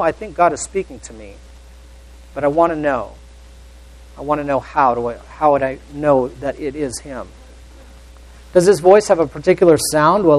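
A man with a higher voice preaches and reads scripture aloud in an earnest, questioning way, on poor audio. His loudness swings widely, sometimes sinking almost to a whisper.

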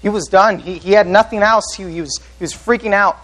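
Pastor, male, high voice, earnest sermon delivery with questions to the room. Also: a little fast, a bit bright, rough recording. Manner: earnest preaching, asks the congregation questions.

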